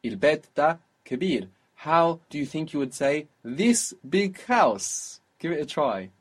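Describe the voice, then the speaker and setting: A patient male language teacher, guiding a student one phrase at a time. His voice is husky and a little breathy, and he explains sounds slowly and carefully. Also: a little high, very animated. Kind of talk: spoken language lesson.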